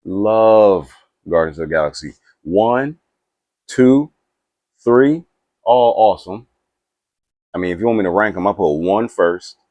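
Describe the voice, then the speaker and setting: Low-voiced guy rambling on camera about movies, hyped, dry close sound. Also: measured pace, pauses often, no echo, muffled recording. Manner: rambling, with restarts and asides; animated and excitable. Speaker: movie reaction YouTuber. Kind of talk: casual chat to camera.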